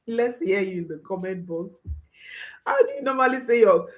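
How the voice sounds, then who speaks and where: A woman's voice: medium pitch, expressive, moderate pace. A woman parenting coach giving advice to viewers, emphatic, often repeating her phrases and checking in with a questioning "hmm?".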